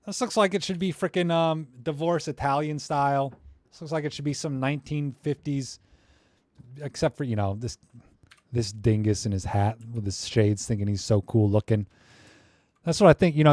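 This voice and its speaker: A man's voice: medium pitch, darkish tone, no room sound. A young man talks loosely through viewers' photos on a live stream, joking and going off on rants. His voice sits mid-range and sounds close and dry, with no room around it. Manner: chatty, joking, ranting asides. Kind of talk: casual live-stream chat.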